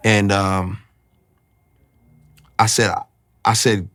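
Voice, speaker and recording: A man telling his personal faith testimony in a reflective, halting, emotional way. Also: lowish voice, no echo, studio quality. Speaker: guest sharing his testimony.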